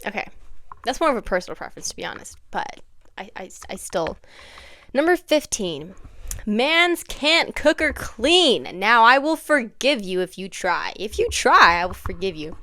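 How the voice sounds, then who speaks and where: A young woman chatting casually on her vlog, swinging from hushed asides to dramatic near-yelling. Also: a little high, big pitch swings, moderate pace, dry recording. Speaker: vlogger. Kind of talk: casual chat.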